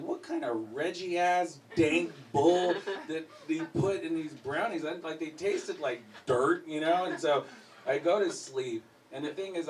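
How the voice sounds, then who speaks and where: A man doing a stand-up set in a comedy club, telling a story and acting out quotes loudly. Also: mid-range voice, slight background noise. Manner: animated storyteller, acts out panicked quotes loudly. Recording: live club recording, slightly distant.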